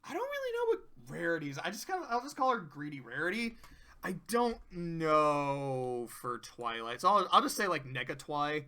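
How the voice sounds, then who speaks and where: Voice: medium pitch, very animated, moderate pace, bright, forceful tone. A commentator casually recapping cartoon episodes, rambling, swearing freely and laughing often.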